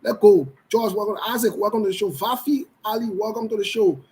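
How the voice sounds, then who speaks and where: A man with a Liberian English accent runs a casual live show. He talks in a high register, greets viewers one by one and jokes loosely between topics. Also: fairly even intonation, brisk, a little mellow, low-quality recording. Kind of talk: casual livestream chat.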